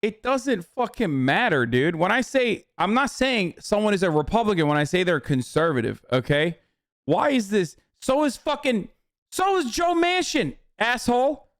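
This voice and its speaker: A man's voice: high-pitched, big pitch swings, normal speed, a bit bright, dry recording, studio quality. A young man hosting a livestream, ranting in a casual, profane and argumentative way. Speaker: livestream host.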